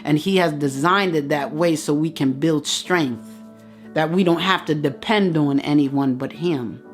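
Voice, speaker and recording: A woman's voice: deep voice, a little slow, faint music behind. Impassioned woman preaching to listeners. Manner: preachy, addresses listener directly, repeats phrases for emphasis. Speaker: motivational speaker. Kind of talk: impassioned motivational address to viewers.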